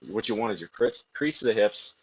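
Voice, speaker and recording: Here a man livestreaming his workout talks fairly fast in a lowish, expressive voice with a breathy edge. He chats casually and swears freely between sets, voicing strong opinions, all in dull lo-fi audio.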